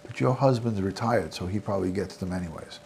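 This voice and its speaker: A middle-aged man with a New York accent talks loosely to his livestream viewers, his low voice rough with gravel. He rambles from one thank-you and shout-out to the next in an easygoing way. A faint hiss sits under the recording. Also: fast talker. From American South. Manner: rambling, friendly shout-outs to chat viewers. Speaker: livestream host. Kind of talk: casual livestream sign-off chat.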